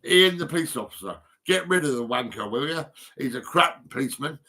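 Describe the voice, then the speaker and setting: A man's voice: mid-range voice, expressive, a little fast, sharp tone. An older man ranting bitterly to camera, swearing a lot and repeating himself with tag questions. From United Kingdom. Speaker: vlogger. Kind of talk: angry profane rant to camera.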